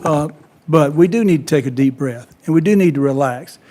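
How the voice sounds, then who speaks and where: A man, a county council member speaking in a halting, conciliatory way at a meeting. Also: on the high side, warm tone.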